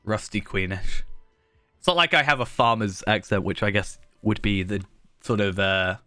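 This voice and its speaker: A southern British man in casual live-stream chat, rambling along and chuckling at himself as he answers viewers. His voice sits a little low but comes across bright and forward. The sound is dry and close, with faint music behind him. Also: moderate pace, no room sound. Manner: rambling, chuckling often, self-deprecating. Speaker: game streamer.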